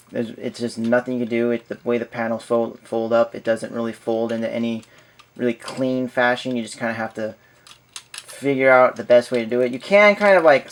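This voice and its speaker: A man's voice: medium pitch, fairly bright tone. A man giving a casual hands-on toy review, rambling and thinking aloud as he goes.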